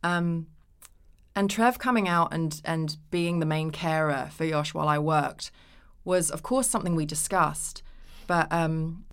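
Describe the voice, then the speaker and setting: Woman, thirties, podcast guest, lively storytelling, slightly low voice. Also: unhurried, clean tone. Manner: animated storytelling, acts out quoted voices. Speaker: actress guest. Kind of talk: casual podcast interview.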